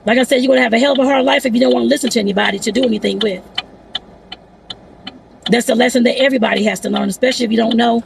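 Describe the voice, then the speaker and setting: A woman with a heavily gravelly, creaky voice talks straight to her viewers from inside a car. Her manner is blunt and outspoken, the casual advice of a life-lesson vlog, with faint traffic noise behind her. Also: fairly high pitch, steady tone, very fast. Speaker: vlogger giving life advice. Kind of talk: casual talking-head vlog.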